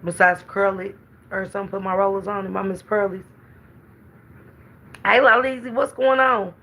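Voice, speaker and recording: Middle-aged woman, bright gravelly voice, casual livestream host chatting with viewers. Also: mid-range voice, fairly even intonation, normal speed. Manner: chatty, greets viewers by name.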